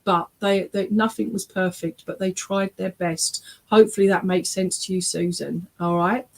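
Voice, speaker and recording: A woman's voice: lowish voice, steady tone, moderate pace, gravelly, a little mellow. An English woman, a spiritualist medium, giving readings at an online church service from her webcam, often checking in with "all right?" and "okay?". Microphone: webcam on a video stream.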